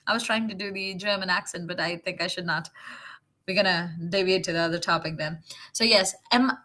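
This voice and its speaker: Bright, encouraging woman teaching live. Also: fairly low pitch, a little fast. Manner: encouraging, coaching directly; chatty, with fillers and self-corrections. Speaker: English teacher, livestream host. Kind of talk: casual livestream lesson.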